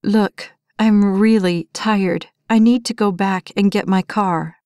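A woman's voice: medium pitch, fairly even intonation, takes it slowly, clean tone, no room sound, studio quality, lightly acted. A woman reading an audiobook, voicing a tired young woman who answers her pushy date firmly and sharply. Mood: strained polite. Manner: firm and sharp, rising when pushed.

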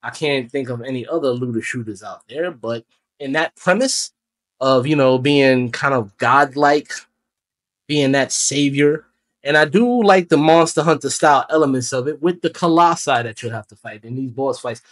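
Young male gaming host, casual rambling review delivery, mid-pitched. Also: moderate pace. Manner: rambling, loose and chatty, with self-corrections. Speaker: gaming YouTuber.

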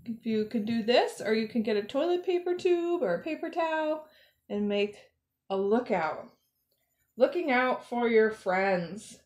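A woman's voice: on the high side, lively intonation, measured pace, darkish tone. A woman who works as a zoo educator, reading a picture book aloud and encouraging children to join in. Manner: encouraging, talks directly to children. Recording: roomy echo.

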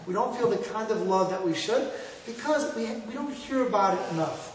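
A middle-aged rabbi from Cleveland giving an earnest sermon, telling stories and mixing in Hebrew and Yiddish words. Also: male voice, high-pitched, animated, moderate pace. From Cleveland, Ohio, USA. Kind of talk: sermon to a live audience. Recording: echoey hall, mic far off, faint noise.

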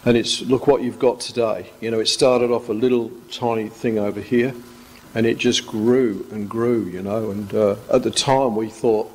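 A man's voice: lowish voice, fairly even intonation, moderate pace, a little mellow, slight background noise. A male pastor, giving an informal sermon full of rambling, joking stories. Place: church hall. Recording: echoey church hall.

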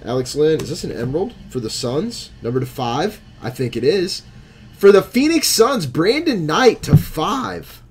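A man's voice: a little high, big pitch swings, unhurried, faint music behind. A man hosting a live stream, opening packs of cards and chatting with viewers as he calls out each card.

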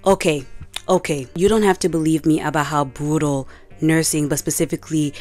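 Young woman, low voice, casual, animated storyteller, slangy, vlog commentary. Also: fairly quick, faint music behind. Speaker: commentary vlogger.

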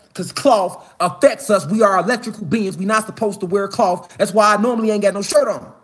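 A man delivering a slang-heavy, preaching-style monologue outdoors, building to shouted emphasis. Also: sits high. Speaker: online spiritual speaker. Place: outdoors in the mountains.

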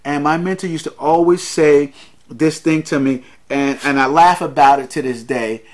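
A man's voice: a little high, fairly even intonation, normal speed. A man hosting a podcast, giving an earnest motivational monologue, repeating his key lines and calling his listeners guys. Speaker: podcast host.

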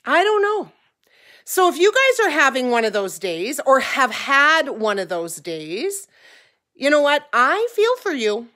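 Ranch lady vlogging from her kitchen, kinda teary, rambly, highish voice. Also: big pitch swings, measured pace, bright, forceful tone. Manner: rambling, a little teary, self-deprecating. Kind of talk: casual vlog chat. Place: home kitchen.

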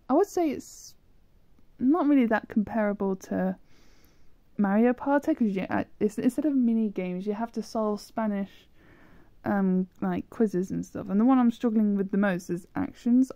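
A woman's voice: mid-range voice, moderate pace, dark tone, dry recording. A woman giving rambling, self-deprecating commentary while playing a language-learning game, often hesitating and trailing off. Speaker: gameplay video creator. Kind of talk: casual gameplay commentary.

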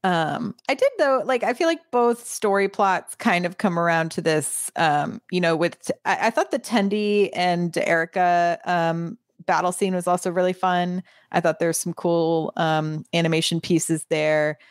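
A woman co-hosting a podcast in casual chat, laughing often and filling pauses with ums. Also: on the low side, dry recording, clean studio sound. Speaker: podcast co-host.

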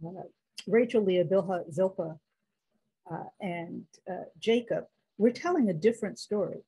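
A middle-aged woman, a biblical scholar guesting on an interview, speaking in an emphatic, teacherly way and listing names in a measured cadence. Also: mid-range voice, lively intonation, warm tone, husky, low-quality recording.

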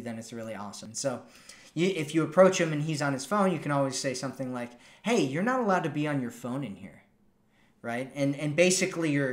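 A man giving casual dating advice on a live stream and acting out example lines in a relaxed, conversational way. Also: on the high side, echoey room. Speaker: dating coach. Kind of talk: live-stream coaching talk.

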